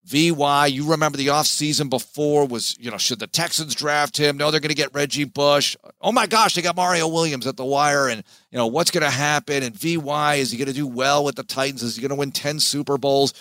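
A man, a sports play-by-play announcer, giving an animated, emphatic interview as a podcast guest. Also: fairly high pitch, fairly quick, hardly any pauses, dry recording.

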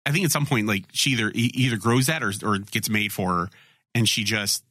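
A man hosting a casual anime podcast, animated, swearing and acting out scenes. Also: on the low side, fairly quick, dry recording, clean studio sound. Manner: animated, swears, acts out scenes in funny voices. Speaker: podcast host.

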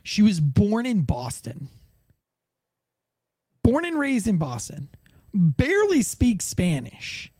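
A man's voice: sits high, huge pitch swings, takes it slowly, pauses often, darkish tone, breathy edge, no echo. A man hosting a podcast, recapping celebrity news in loose, rambling casual chat with lots of fillers. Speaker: podcast host.

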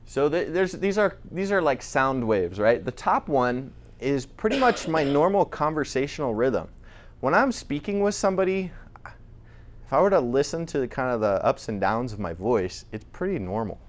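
Guy presenting at a talk, mid pitch, chatty, restarts a lot. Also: big pitch swings, normal speed. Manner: conversational, with restarts. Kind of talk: conference talk.

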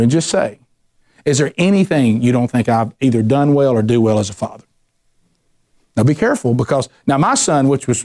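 A middle-aged man preaching a sermon, telling lively personal stories and acting out the voices in them. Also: medium pitch. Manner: animated storyteller, acts out voices, ranting bursts.

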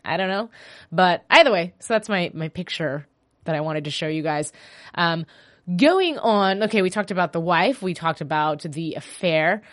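A woman hosts a fan after-show podcast all by herself, chatting casually. Her delivery is animated and gushing, with loose, conversational phrasing. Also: on the low side, normal speed. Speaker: solo podcast host. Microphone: podcast mic.

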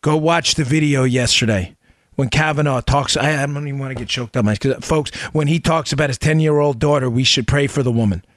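A middle-aged political podcast host, close on the mic, delivers an impassioned, emphatic commentary monologue packed with rhetorical questions. His voice is medium-pitched and a little fast, with no echo.

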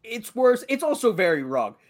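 A man's voice: very high-pitched, sing-song, normal speed. A young man from Massachusetts with a light local accent, co-hosting a podcast in casual, joking chat and swearing freely. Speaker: podcast co-host.

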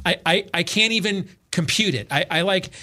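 A man's voice: high voice, moderate pace. A man hosting a talk show, telling stories with lots of stammers and restarts in casual banter. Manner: animated storyteller, stammers and restarts.

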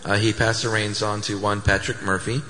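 A man co-hosting a live podcast on stage, telling a story casually in a chatty, animated way. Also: on the low side, a little fast. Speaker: podcast co-host. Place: theater stage before a live audience. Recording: live hall with long reverb.

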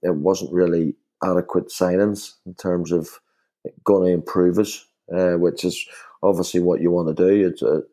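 Deep mellow-voiced man. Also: steady tone, normal speed. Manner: rambling with many fillers and restarts. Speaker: former footballer guest. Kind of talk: casual podcast chat.

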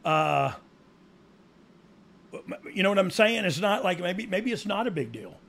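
Gravelly man rambling casually. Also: high-pitched, sing-song, unhurried, fairly bright tone. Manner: rambling, self-deprecating, drawling, frequent restarts. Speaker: podcast co-host, former wrestling insider. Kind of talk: casual chat.

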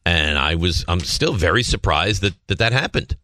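A man hosting a sports radio show, telling animated stories and quoting his son in a raised voice. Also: low-pitched, moderate pace, no echo, clean studio sound. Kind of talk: casual sports radio banter.

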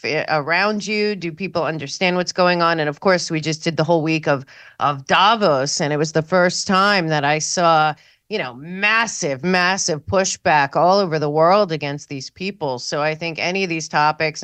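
A woman's voice: sits low, a bit bright, clean tone, no echo. A woman co-hosting a panel podcast, talking in a rambling way with hesitant restarts. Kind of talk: casual panel talk.

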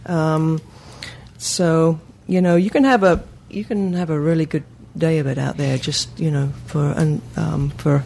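A woman's voice: low-pitched, steady tone, a little slow, gravelly, darkish tone. A woman chatting as a guest on a podcast roundtable, running through details with lots of restarts. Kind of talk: casual roundtable chat.

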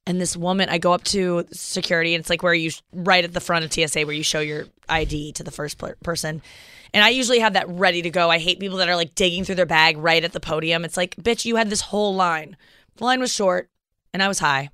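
A woman's voice: on the low side, steady tone, fast, sharp tone, clear, resonant tone, no echo. A woman hosting a podcast, telling candid, rambling stories with many restarts. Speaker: podcast host. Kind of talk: casual chat.

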